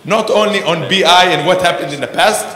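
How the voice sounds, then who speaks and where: A man's voice: sits high, brisk, pushed and bright. Man introducing a panel, echoey hall. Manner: rambling with many fillers and restarts. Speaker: conference host. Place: large conference hall. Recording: echoey hall with a long reverb.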